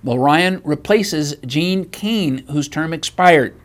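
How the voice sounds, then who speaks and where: Man, high-pitched voice, news reader, scripted bulletin, measured even delivery.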